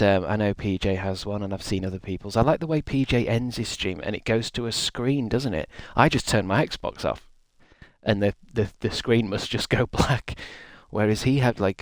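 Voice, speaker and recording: A man's voice: fairly low pitch, no room sound. A young man streaming live, rambling in casual chat and reading out his chat. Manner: rambling, chatty, reads and answers chat.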